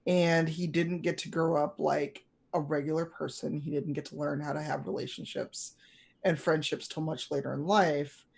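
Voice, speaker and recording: A game master narrates a tabletop game scene at a middle pitch, rambling along with fillers and restarts. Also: steady tone, normal speed, gravelly, husky.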